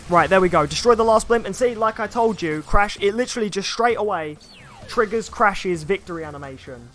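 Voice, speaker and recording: Chatty high-voiced young man streaming a game. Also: lively intonation, a little fast, fairly bright tone. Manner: chatty, rambling, reads chat comments aloud. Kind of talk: casual live-stream commentary. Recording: faint game music behind.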